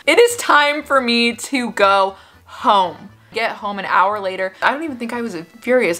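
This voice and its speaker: Bright-voiced woman telling a dramatic story. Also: mid-range voice. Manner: animated, dramatic storytelling with exasperated asides. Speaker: vlogger. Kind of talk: storytime vlog.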